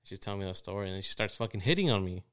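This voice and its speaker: A man in casual chat, telling a story in a relaxed way and swearing freely. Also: sits low, racing.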